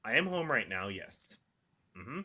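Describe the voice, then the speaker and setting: Bright-voiced man, rambling with "mm-hmm"s. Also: mid-range voice, sing-song, unhurried. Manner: repetitive, punctuated by "mm-hmm" and "and also". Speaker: video diarist. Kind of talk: rambling monologue.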